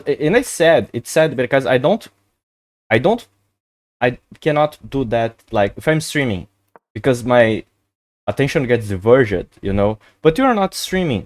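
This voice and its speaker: A man chatting casually on a live chess stream, excitable and chatty, swearing and laughing often. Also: mid-range voice, dry recording. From Brazil.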